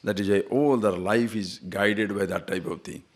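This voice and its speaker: A man's voice: lowish voice, steady tone, moderate pace. A man, a spiritual teacher, giving a discourse. He tells stories with chuckles and asks his listeners questions. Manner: storytelling, chuckling, rhetorical questions.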